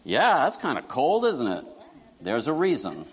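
A man's voice: mid-range voice, a little slow, breathy edge. Middle-aged man, pastor, sermon, conversational storytelling, church hall reverb. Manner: conversational, animated storytelling with acted quotes.

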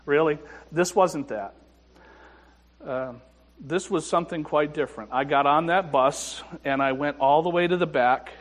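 A male pastor telling a personal story in a sermon, moving between quiet reflection and emphatic moments. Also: a little high, measured pace, big-room sound.

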